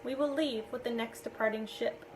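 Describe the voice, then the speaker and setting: A woman reading the lines of a wounded male captain in a storybook, speaking in a measured, grave way. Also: a little high, steady tone, slight background noise, close to an everyday voice, poor audio. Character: wounded middle-aged male captain, commanding.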